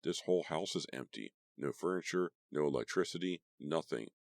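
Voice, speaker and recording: A man voicing a blunt, practical teenage boy in a flat, matter-of-fact way. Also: a bass voice, normal speed, vocal fry, no room sound, studio quality. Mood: grim.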